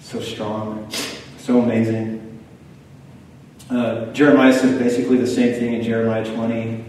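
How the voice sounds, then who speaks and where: A man's voice: medium pitch, measured pace, a little hiss or hum. Man preaching in an echoey hall. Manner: conversational, animated when quoting others. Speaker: pastor. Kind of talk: sermon. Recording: echoey hall, far from the mic.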